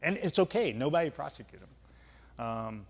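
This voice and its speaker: In a club lecture hall with long reverb, a retired senior Army leader from the United States, a man in his fifties, gives a lecture and takes audience questions. His mid-range voice has a sing-song lilt at normal speed, and his candid storytelling is blunt, conversational and emphatic, with folksy asides.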